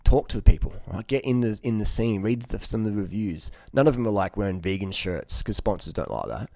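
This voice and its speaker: A man speaks in a casual, rambling vlog monologue with a low voice. He is blunt and profane, joking as he goes and leaning on fillers. The recording is dry and close, with no room sound. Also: animated, fairly quick, vocal fry, darkish tone, dry recording. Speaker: vlogger giving diet advice.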